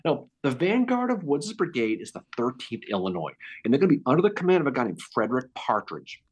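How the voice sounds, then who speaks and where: A man hosting a podcast, telling a Civil War battle story in a casual, animated way. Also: medium pitch, fast talker, slightly rough. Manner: animated, acts out quotes. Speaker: podcast host.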